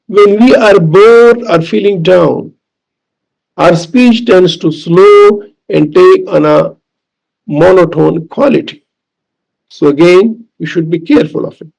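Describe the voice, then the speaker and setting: A man with a Pakistani English accent lecturing as a professor, deliberate and repetitive, with fillers. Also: high voice, animated, creaky, darkish tone, low-quality recording. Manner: slow, deliberate, repeats key points with fillers. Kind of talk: recorded lecture.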